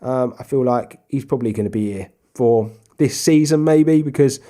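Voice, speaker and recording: A man in his young adult years talks through a football management game, chatty and relaxed, his voice sitting at an ordinary middle pitch. He rambles along casually, then bursts into loud, excited play-by-play when something goes his way. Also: moderate pace. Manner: chatty, bursts into excited shouting over goals. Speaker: gaming YouTuber. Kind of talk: casual Let's Play commentary.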